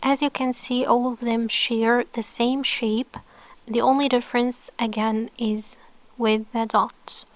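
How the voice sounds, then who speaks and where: A woman's voice: on the high side, flat delivery, takes it slowly, no room sound. A woman teaching an online lesson, explaining patiently, often checking with okay and dropping into a whisper to model sounds. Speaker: Arabic teacher.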